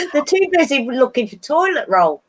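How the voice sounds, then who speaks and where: A woman's voice: high voice, sing-song, normal speed. An older woman with a Derbyshire accent, co-hosting a casual live chat and laughing often, on a video call. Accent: Northern English, Derbyshire. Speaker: co-host.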